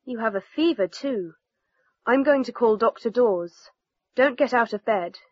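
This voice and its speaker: A worried mother speaks politely and with concern, read by a woman in a fairly high voice. The textbook dialogue is read dry and close. It sits on a dull lo-fi recording. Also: lively intonation, unhurried, dry recording. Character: worried mother phoning the doctor.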